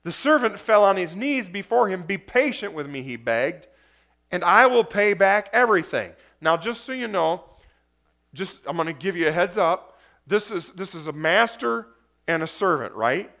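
High-voiced man preaching a sermon. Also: animated, normal speed, sharp tone. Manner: conversational, asks the audience questions. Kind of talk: sermon reading scripture with commentary.

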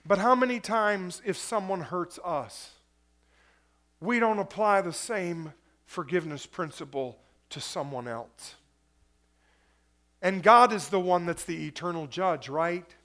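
High-voiced man preaching a sermon. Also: expressive, measured pace, a bit bright. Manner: conversational, asks the audience questions. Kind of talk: sermon reading scripture with commentary.

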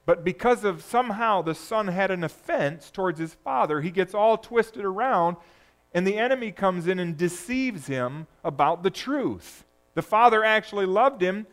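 A man preaching a sermon, moving between loud, urgent peaks and hushed, low passages. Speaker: pastor.

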